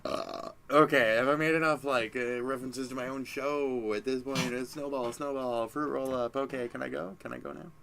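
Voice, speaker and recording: A sleepy young man signs off from his stream, yawning repeatedly while he rambles and curses. His medium-pitched voice has vocal fry and fairly even intonation, moving at a moderate pace with few pauses over some background noise.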